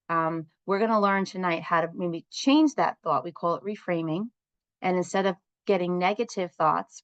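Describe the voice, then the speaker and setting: Woman facilitator, slightly low voice, steady teaching delivery, dry close recording. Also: no room sound. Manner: calm, explanatory, asks the group questions. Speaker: parent support group facilitator. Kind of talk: instructional talk to a group.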